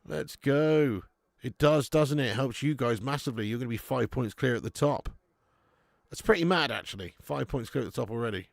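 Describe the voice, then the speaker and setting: English guy hosting a live match watch-along, gravelly, chatty, calls everyone mate, dry mic. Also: medium pitch, a little fast, dry recording. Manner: casual banter reading chat comments; laughs often, calls people mate.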